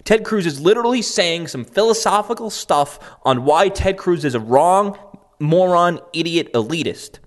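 A man's voice: sits high, lively intonation, normal speed. A man talking as a political commentator in casual, rambling commentary, sarcastic and mocking, with many fillers like "um" and "like". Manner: sarcastic and mocking, sometimes laughing. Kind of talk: casual commentary reading out online posts.

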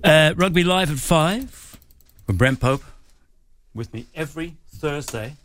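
A man hosting a radio show, jokey and quick to laugh in casual chat. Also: a little high, animated, a bit bright, slight background noise. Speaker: radio host.

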